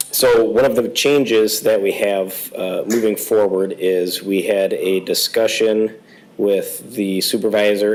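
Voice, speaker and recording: A man serving as police chief, his voice going hoarse, speaks low and haltingly, filling pauses as he reports to a township board. He sounds like he is talking at a meeting-room microphone. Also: darkish tone, poor audio. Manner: halting, many fillers. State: losing his voice.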